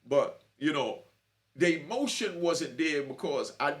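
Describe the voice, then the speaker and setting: A man's voice: on the high side, animated, unhurried. A middle-aged man telling his own story to camera in a streetwise way, often asking "you know what I mean". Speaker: host.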